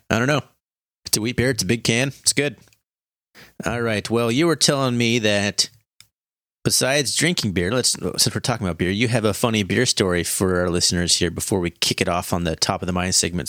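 Laid-back low-voiced podcast co-host. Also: male voice, no echo, studio quality. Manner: relaxed, joking, laughs often. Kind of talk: casual chat.

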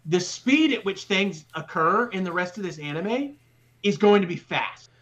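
A man co-hosting a casual podcast, rambling with enthusiasm and swearing freely. His voice is slightly high with a sharp, bright edge. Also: expressive, moderate pace, lo-fi sound. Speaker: podcast co-host.

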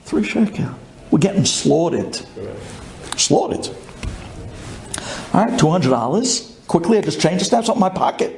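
A man from Brooklyn, telling a personal story with excitement, dropping low and then bursting into shouts. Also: brisk, creaky, hardly any pauses, a little hiss or hum. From Brooklyn, USA. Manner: excitable, swings from hushed to shouting.

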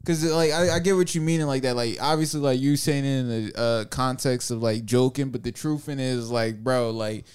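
A man co-hosting a casual podcast, with a smooth, resonant voice. He speaks frankly and earnestly, full of slang. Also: mid-range voice, steady tone, fairly quick, few pauses, darkish tone. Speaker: podcast co-host.

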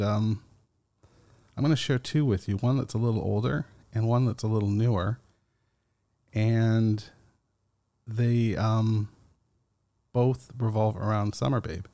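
A man hosting a casual solo podcast, talking slowly and rambling with fillers and chuckles. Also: lowish voice, mellow, no echo. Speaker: podcast host.

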